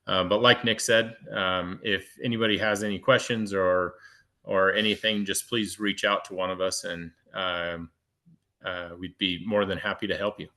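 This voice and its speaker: A man with a very deep voice and a bright, forceful tone, speaking on a video call. He talks haltingly, with many fillers and restarts. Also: level tone. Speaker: agriculture commission member, potato farmer. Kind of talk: casual self-introduction.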